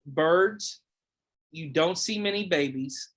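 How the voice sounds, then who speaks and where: A man's voice: fairly high pitch, slow, fairly bright tone. Rambling, swearing young man. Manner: rambling, swears a lot, many fillers. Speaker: podcast host or guest. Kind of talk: casual chat.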